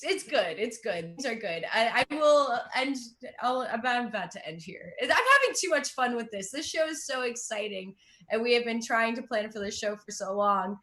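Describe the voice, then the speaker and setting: Young woman, high voice, bright tone, stand-up comic and host, self-mocking, chatty. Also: lively intonation, moderate pace. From Russia. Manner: chatty, self-mocking, laughs at her own jokes. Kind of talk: stand-up comedy.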